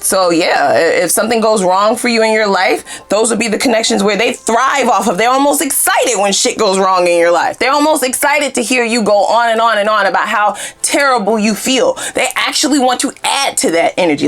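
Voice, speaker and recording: A woman giving a casual tarot reading in a blunt, profane and animated way. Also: a little high, fairly quick, few pauses. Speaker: tarot reader.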